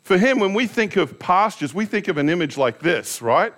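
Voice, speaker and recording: A man preaching a sermon in a fairly high voice. He tells stories against himself with candor and keeps turning to his listeners with rhetorical questions. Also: sing-song, moderate pace, fairly bright tone. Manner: candid, self-deprecating storytelling with rhetorical questions. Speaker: pastor.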